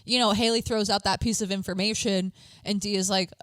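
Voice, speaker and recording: A woman's voice: mid-range voice, a little fast, dry recording. A woman co-hosting a podcast, recapping a reality show in casual chat and acting out what people said. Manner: animated, acts out quotes in exaggerated voices. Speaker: podcast co-host.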